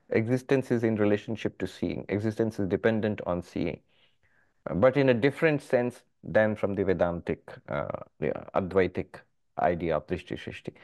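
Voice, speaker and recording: Man giving a lively philosophy lecture. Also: medium pitch. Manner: discursive, explaining step by step with lively emphasis. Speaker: monk teaching a scripture class.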